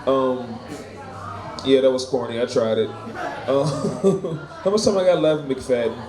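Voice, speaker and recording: A man's voice: mid-range voice, slow. Profane stand-up man, echoey room. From Florida. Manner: loose, profane, laughs at his own jokes. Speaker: stand-up comedian at an open mic. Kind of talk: stand-up set. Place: bar or small venue. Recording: echoey room, crowd heard.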